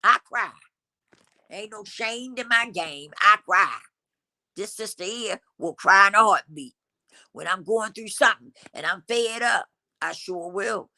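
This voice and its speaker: A bright-voiced woman hosting a livestream gives a casual motivational talk, preaching emphatically to viewers she calls "y'all" in African American Vernacular English. Her mid-range voice is unhurried and slightly congested from a cold, recorded with no room sound.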